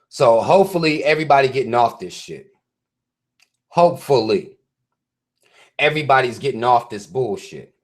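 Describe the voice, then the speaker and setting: A man hosting his own live stream, reading out memes and articles and ranting about them bluntly with heavy profanity. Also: mid-range voice. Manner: reads memes and articles aloud to viewers.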